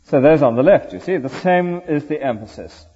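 A man's voice: a little high, lively intonation, normal speed, mellow, husky. A man preaching a sermon in an earnest, rhetorical way, often ending points with tag questions. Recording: dull lo-fi recording with long hall reverb.

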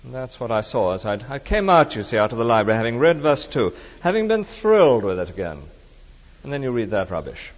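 A middle-aged man preaching, his voice leaping about in pitch as he moves between emphatic declarations and hushed asides. He sounds conversational rather than stiff. The recording is muffled and lo-fi, with a long reverb trailing each phrase. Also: sing-song, fairly quick. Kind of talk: sermon. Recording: dull reverberant hall recording.

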